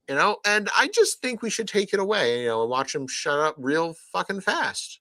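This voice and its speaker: A man's voice: sits high, moderate pace, hardly any pauses, no room sound. Guy ranting on a sports podcast, voice bouncing all over, dry sound. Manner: animated, ranting, sarcastic. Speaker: podcast co-host. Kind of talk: casual sports podcast chat.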